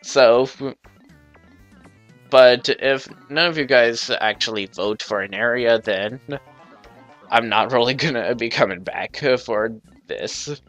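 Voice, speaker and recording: A man hosting a let's play, giving relaxed, slow-paced commentary over faint game music. His voice has a bright, forward edge. He rambles a little and restarts his sentences as he talks. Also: medium pitch. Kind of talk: casual gameplay commentary.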